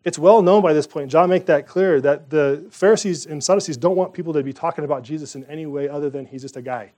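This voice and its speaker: Guy preaching to his church, kinda high voice, chatty style with lots of questions. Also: quick pace, darkish tone. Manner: conversational preaching with rhetorical questions. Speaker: pastor. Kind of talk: sermon.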